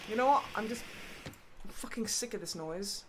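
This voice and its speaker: A woman streaming a video game in casual chat, expressive and quick to swear in outbursts. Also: medium pitch. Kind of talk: casual gaming livestream chat. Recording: home mic with clear background noise.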